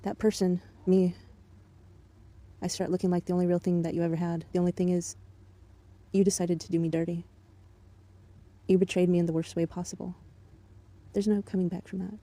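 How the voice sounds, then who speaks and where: A woman's voice: on the low side, level tone, brisk, pauses often, dark tone. A woman in an angry, profane monologue aimed at an ex-partner, bitter and contemptuous but controlled. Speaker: vlogger.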